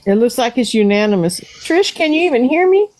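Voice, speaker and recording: A chatty woman with a Cajun accent runs a casual livestream. She keeps putting questions to her viewers in a fairly high voice. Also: big pitch swings, brisk, a little mellow, slight background noise. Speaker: livestream host.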